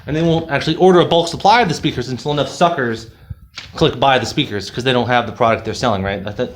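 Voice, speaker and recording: A man's voice: mid-range voice, fast talker, slight background noise. A man reviewing a product in a casual, rambling, sarcastic rant full of fillers. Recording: roomy echo.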